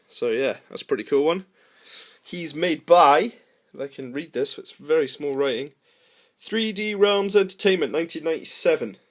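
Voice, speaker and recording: A talkative man with a fairly high voice, going through a haul of toys. He rambles in a self-deprecating way and keeps things loose and casual. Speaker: toy collector vlogger. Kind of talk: casual unboxing chat.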